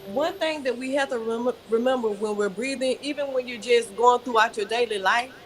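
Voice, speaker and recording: A slightly high-voiced woman talks a listener through a breathing exercise, calm and instructive, with a polite, easy manner. Faint noise sits behind her voice. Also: fairly quick, rough recording. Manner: calm, instructive, says "yes, ma'am". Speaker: yoga teacher.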